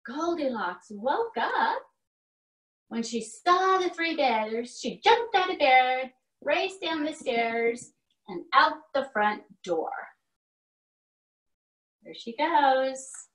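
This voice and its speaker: Animated woman reading a storybook aloud. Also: sits high. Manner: slow, animated, expressive read-aloud. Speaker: preschool teacher. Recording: echoey classroom from far off.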